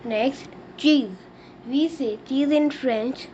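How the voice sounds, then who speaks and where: Slow, deliberate woman teaching vocabulary. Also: high-pitched, darkish tone, a little hiss or hum. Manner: slow, deliberate, spells words out letter by letter. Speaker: language teacher. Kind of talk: vocabulary lesson. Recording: dull lo-fi recording.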